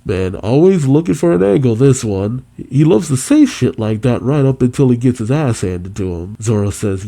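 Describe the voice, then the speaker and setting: A man's voice: mid-range voice, lively intonation, moderate pace, few pauses, warm tone. A man reading a manga chapter aloud, casually commenting and swearing freely between panels. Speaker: manga reaction host.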